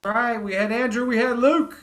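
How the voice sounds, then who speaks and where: A man's voice: very high-pitched, fairly even intonation, brisk, fairly bright tone. A man hosting an online comedy contest, announcing acts in an upbeat way. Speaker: host.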